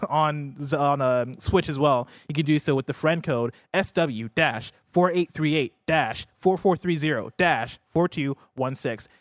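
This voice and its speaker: A man's voice: medium pitch, no echo. A man from the United States hosting a casual gaming news podcast, upbeat and laughing easily, sometimes tripping over words. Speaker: podcast host.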